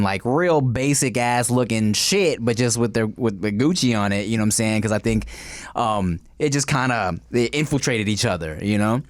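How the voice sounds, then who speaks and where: A man's voice: mid-range voice, no room sound. A man co-hosting a podcast, joking and swearing in casual banter with mock-formal phrasing. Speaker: podcast co-host.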